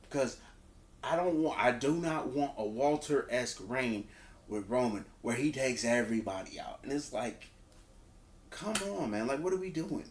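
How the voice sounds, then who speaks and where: A man at an average pitch gives a casual, animated wrestling review. He repeats himself, trips over restarts and jumps into a higher voice to act out what people said. The room around him sounds echoey. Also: moderate pace. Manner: animated, acts out quotes in a higher voice; loose, repeats words and restarts. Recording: roomy echo.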